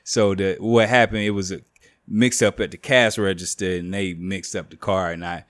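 A man's voice: sits low, steady tone, normal speed, no room sound, studio quality. A man in his late thirties hosting a podcast in a laid-back, joking way, talking plainly about faith and family. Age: 30s. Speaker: podcast host. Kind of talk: casual chat.

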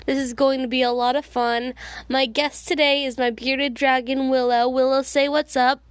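High-voiced woman hosting a chatty podcast. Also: flat delivery, normal speed, no echo. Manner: chatty, personal, rambling. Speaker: podcast host. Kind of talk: casual solo podcast chat.

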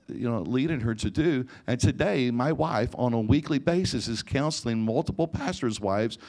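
A man's voice: mid-range voice, darkish tone. A man preaching a sermon, telling personal stories and acting out conversations with frequent restarts. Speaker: pastor.

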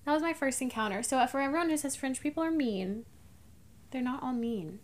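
A young woman co-hosting a podcast, telling a travel story in a casual, animated way and acting out the dialogue. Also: sits high, a little fast. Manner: animated storyteller, acts out dialogue, laughs often. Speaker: podcast co-host.

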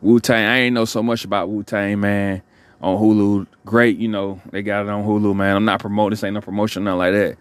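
A man hosting a podcast, rambling in relaxed slangy talk as he signs off. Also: fairly low pitch, brisk, smooth. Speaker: podcast host. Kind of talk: casual podcast sign-off.

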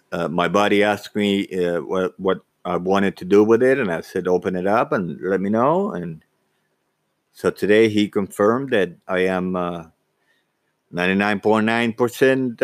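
A man telling a personal story casually, halting, with frequent restarts and repeated words. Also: lowish voice, steady tone, no echo. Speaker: vlogger.

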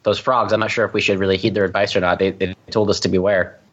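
A man playing a tabletop game who talks in a halting, unsure way, recorded on a dull lo-fi mic. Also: low voice, level tone, fairly bright tone. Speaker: player.

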